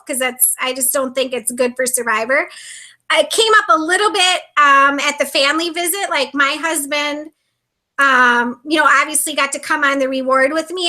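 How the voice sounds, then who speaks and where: Very high, bright-voiced woman from Minnesota. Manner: lively storyteller, laughs often. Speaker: reality show contestant guest. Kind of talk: casual interview chat.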